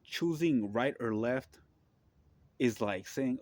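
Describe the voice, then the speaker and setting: Low-voiced guy preaching to camera, blunt and cussing, keeps asking you know?. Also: unhurried, a little mellow, no room sound. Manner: blunt, profane, preachy, repeats phrases; asks listeners for agreement. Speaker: vlogger. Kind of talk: impassioned religious monologue.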